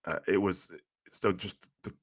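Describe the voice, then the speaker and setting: A man's voice: sits low, steady tone, unhurried, breathy edge, no echo, clean studio sound. A man co-hosting a casual political podcast, mostly giving short agreeing replies. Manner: brief agreeing replies, laughs along. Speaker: podcast co-host.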